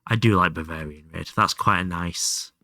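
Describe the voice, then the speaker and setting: A man's voice: sits low, moderate pace, bright, forceful tone, no echo, clean studio sound. A young man chatting casually and thinking aloud while streaming a game, swearing freely. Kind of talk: casual live gameplay commentary.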